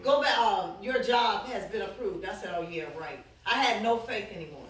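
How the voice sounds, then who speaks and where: A woman pastor giving a sermon testimony, telling her story with animated voices and frequent laughter. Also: medium pitch, moderate pace, a little hiss or hum. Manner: animated storytelling, acts out dialogue, laughs often. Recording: echoey room, from far off.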